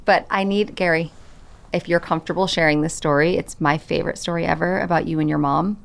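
A woman co-hosts a podcast and gently prompts her guest in casual conversation. Her voice is pitched low for a woman. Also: steady tone, fairly quick, vocal fry. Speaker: podcast co-host. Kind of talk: casual interview chat.

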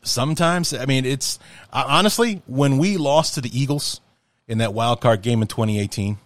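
A man's voice: lowish voice, no room sound. A man hosting a casual solo podcast, talking in an impassioned, rambling and profane way. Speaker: podcast host.

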